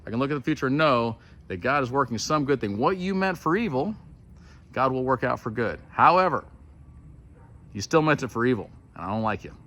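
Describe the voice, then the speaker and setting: A man's voice: mid-range voice, fairly bright tone. A man telling a frustrated, rambling story about permit troubles, acting out both sides of his conversations with officials. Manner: exasperated, reenacts officials in quick quoted exchanges. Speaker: builder venting about permits. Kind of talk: casual storytelling rant.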